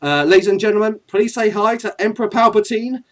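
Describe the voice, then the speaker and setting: A man's voice: high voice, brisk, a bit bright. A man hosting a casual comedic chat, chatty and giggly, often apologetic. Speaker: host.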